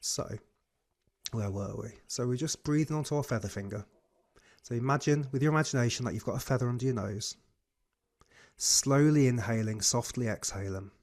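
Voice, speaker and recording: A man leading a guided breathing class on a video call, giving slow, soothing cues. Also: medium pitch, darkish tone. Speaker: breathwork coach.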